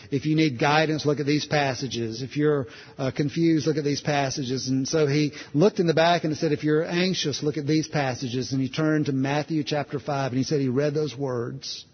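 Husky-voiced man preaching in a hall. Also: on the high side, steady tone, moderate pace, highs cut off. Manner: conversational, storytelling, with many restarts. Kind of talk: sermon.

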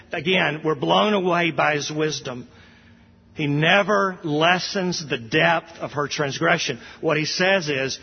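A male pastor preaches in a loose, conversational way, often restarting his sentences and poking fun at himself. His voice sits fairly high and has a husky edge. The recording is dull and carries the long reverb of a church sanctuary. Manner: conversational, self-deprecating, with frequent restarts. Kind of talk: sermon. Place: church sanctuary during worship.

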